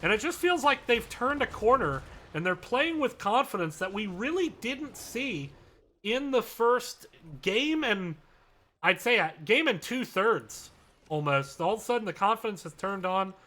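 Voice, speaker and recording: Male esports caster calling a live match; high, bright and brisk, with chatty asides. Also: lively intonation. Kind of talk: live play-by-play commentary.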